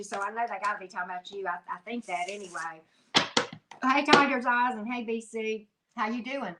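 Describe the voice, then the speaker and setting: A woman's voice: on the high side, background noise. A woman giving a live tarot reading, talking emphatically and chattily to her viewers, with frequent "mm-hmm" asides. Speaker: tarot reader.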